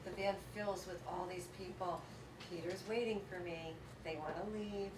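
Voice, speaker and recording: A woman giving a motivational workshop talk to a live audience, telling stories in a lively, chatty way with frequent laughter. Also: on the low side, normal speed. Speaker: workshop presenter. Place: event room with a seated audience. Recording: echoey room, voice from far off, background noise.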